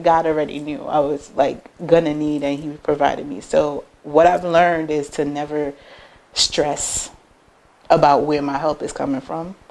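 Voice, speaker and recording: A young American woman, a business owner, chatting casually in an interview and telling lively personal stories, acting out the voices of people she quotes. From United States. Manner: animated, acts out quoted voices with big pitch jumps.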